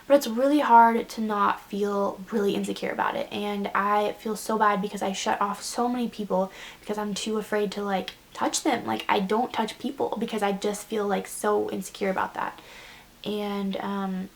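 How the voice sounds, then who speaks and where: A woman's voice: medium pitch, fairly even intonation, moderate pace, gravelly. A young woman vlogging a casual confession, rambling and self-deprecating, close to tears. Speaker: beauty vlogger.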